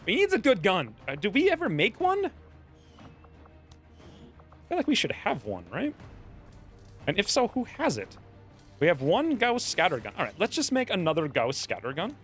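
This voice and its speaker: Man, streamer, casual game commentary, animated and fairly high voice, distracted rambling, faint music behind. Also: moderate pace, pauses often. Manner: rambling, distracted, storytelling asides.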